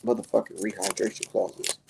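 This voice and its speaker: A man hosting a live stream, ranting heatedly with lots of profanity and sudden jumps in pitch. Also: fairly even intonation, a little fast, vocal fry, very noisy.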